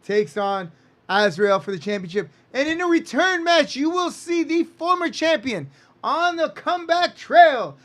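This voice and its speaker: A man's voice: very high-pitched, animated, a little slow, a bit bright. A man from California, a wrestling promoter, hyping an upcoming card in a rambling, self-correcting announcer patter. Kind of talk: casual promo chat.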